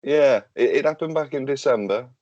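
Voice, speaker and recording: A man's voice: medium pitch, normal speed, mellow, highs cut off. A man hosting a casual podcast chat, loose, sweary and joking. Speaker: podcast host.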